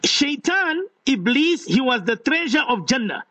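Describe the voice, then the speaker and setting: A man's voice: very high voice, very animated, moderate pace, few pauses, sharp tone, dull audio. A man hosting a live radio call-in show, playful and coaxing, stretching words for emphasis. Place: radio studio.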